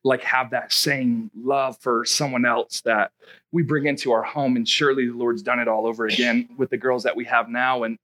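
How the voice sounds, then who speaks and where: A young man preaching a sermon, telling a personal story and calling out to his congregation. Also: medium pitch. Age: young adult. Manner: animated, exclaiming, calls out to congregation. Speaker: pastor.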